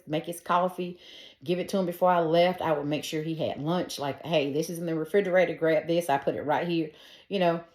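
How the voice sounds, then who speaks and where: Middle-aged woman, low voice, earnest conversational testimony, echoey room. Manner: earnest and conversational, talks straight to her listeners. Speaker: storyteller sharing her faith testimony. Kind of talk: personal faith testimony told casually.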